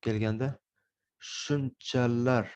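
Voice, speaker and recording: A man's voice: mid-range voice, fairly even intonation, slow, a little mellow, clean tone. A man with an Uzbek accent teaching an English grammar lesson, explaining step by step and repeating each example before translating it into Uzbek.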